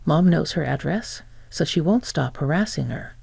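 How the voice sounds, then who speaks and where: An apologetic but resolute husband, read by a woman narrator in a storybook telling. The delivery is earnest and even, with a creaky, mellow timbre. The sound is close and dry. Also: low-pitched, moderate pace, no echo, heavily acted. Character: supportive husband, adult man, apologetic and resolute.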